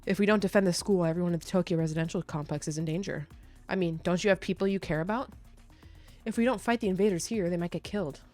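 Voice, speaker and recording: A woman reading aloud the lines of an earnest teenage student from a game, trying to persuade a classmate, in her own low voice. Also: fast talker, dark tone, soft background music, natural voice. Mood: pleading. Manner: reads game dialogue aloud plainly.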